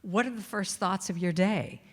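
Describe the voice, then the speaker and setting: A woman's voice: mid-range voice, normal speed, breathy edge. A middle-aged woman giving a playful, chatty spiritual talk to a congregation, acting out little quotes as she goes. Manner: warm, chatty, playful, acts out quotes and sings snippets. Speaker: inspirational speaker and singer. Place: large church hall. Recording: long reverb of a large hall.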